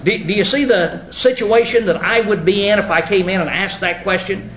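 A man preaching a Bible study sermon, explaining scripture in a folksy, halting way with many filler sounds. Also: high voice. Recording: echoey, muffled room recording with faint ambient noise.

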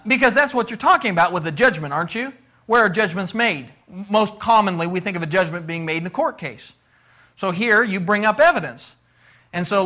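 High, bright-voiced man teaching Bible class. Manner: conversational, asks the class questions. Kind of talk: casual Bible class lesson.

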